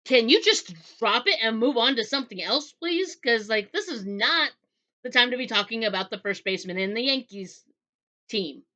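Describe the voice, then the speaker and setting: A woman voicing an exasperated young female time traveler who protests rapidly and emphatically. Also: fairly high pitch, lively intonation, fairly bright tone, highs cut off, voice pushed up.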